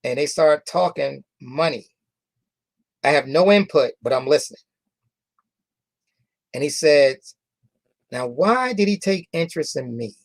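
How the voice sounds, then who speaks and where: A man speaks slowly and deliberately, stretching out key words and repeating lines for effect as he tells a motivational story. His voice is dry and close, with no room echo. He keeps turning to the audience with rhetorical questions. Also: on the high side, expressive, vocal fry. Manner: repeats phrases for emphasis, drawn-out key words. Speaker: company founder addressing members.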